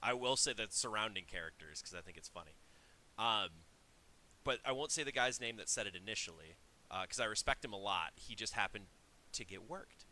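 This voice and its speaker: A man's voice: fairly low pitch, animated, fairly quick, bright, forceful tone. A man co-hosting a wrestling podcast, telling a story in a chatty way with restarts. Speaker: podcast co-host. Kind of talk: casual chat.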